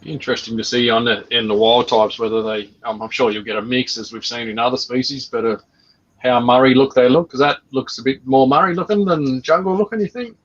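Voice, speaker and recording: A man's voice: mid-range voice, fairly even intonation, brisk, muffled recording. A man co-hosting a livestream, joking and greeting viewers by name in casual chat. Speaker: livestream co-host reading out chat.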